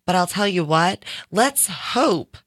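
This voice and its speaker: A woman's voice: fairly low pitch, animated, slow. A woman guest chatting casually, giggly and talkative, with "like" in many of her sentences. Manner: giggly, chatty, says "like" a lot. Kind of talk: casual chat.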